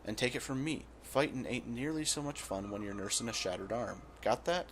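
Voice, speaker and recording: Man reading as a gruff old guild boss. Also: medium pitch, expressive, brisk, a little hiss or hum, natural voice. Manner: reads in a rough dockside voice, drops it partway. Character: gruff old male guild boss, blustering sailor type.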